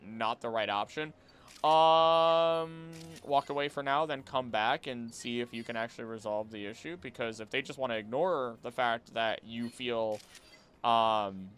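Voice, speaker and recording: Chatty male streamer, smooth voice. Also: medium pitch, a bit bright. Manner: chatty, repeats himself, many fillers. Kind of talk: casual livestream chat.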